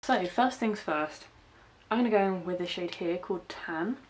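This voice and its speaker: A woman's voice: fairly low pitch, normal speed. A young woman from the West Country with a light West Country accent, chatting casually through a makeup tutorial and narrating each step with self-deprecating asides. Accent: West Country English. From West Country, England. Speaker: makeup vlogger.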